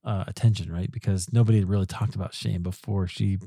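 A man hosting a podcast, with a low and mellow voice recorded dry and close. He thinks aloud, pausing and restarting his sentences as he goes. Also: fairly even intonation, breathy edge, dry recording. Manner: thoughtful, halting speech with frequent restarts. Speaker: podcast host. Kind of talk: conversational interview.

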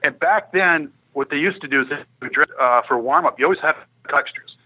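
A middle-aged man telling a lively hockey story on a podcast, laughing and acting out what people said. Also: on the high side, fairly quick, breathy edge, phone-quality sound. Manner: animated, laughing, acting out quotes. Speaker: guest storyteller, former hockey player.

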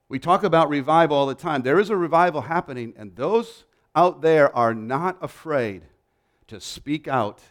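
Male preacher, sermon delivery, emphatic list-building, voice a touch higher than most men. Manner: emphatic, builds repeated lists.

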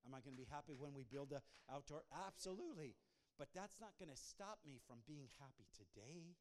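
A man preaching a sermon as pastor, fervent, often repeating words as he goes and swinging between loud and soft. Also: on the high side, expressive, moderate pace.

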